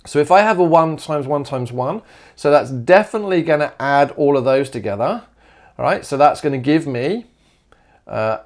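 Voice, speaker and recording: An Australian maths teacher with a medium-pitched, slightly mellow voice thinks aloud as he works through exam solutions step by step. He chats informally, tossing in asides and fillers like "all right" and "uh."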